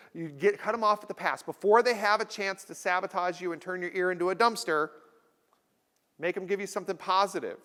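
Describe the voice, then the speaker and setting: Lively man telling stories in a hall. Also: sits high. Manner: storytelling, acts out voices for effect. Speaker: keynote speaker. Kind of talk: humorous keynote talk. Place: large conference hall. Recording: long hall reverb.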